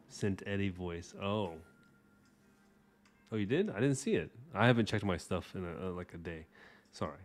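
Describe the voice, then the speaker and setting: A man hosting a drawing livestream, talking casually while he sketches, rambling and joking at his own expense, often trailing off into soft mumbles. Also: deep voice, moderate pace, pauses often, soft background music. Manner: rambling, jokey and self-mocking.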